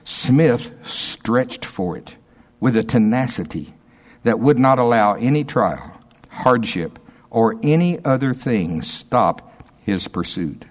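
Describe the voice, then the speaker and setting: A male pastor preaching a sermon, reading quotations slowly and emphatically with asides to the congregation. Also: mid-range voice, lively intonation.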